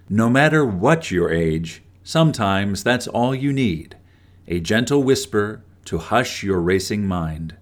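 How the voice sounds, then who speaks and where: A man reading a scripted daily devotion in a gentle, measured way, with scripture and a closing prayer. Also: mid-range voice, very animated. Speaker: devotional speaker.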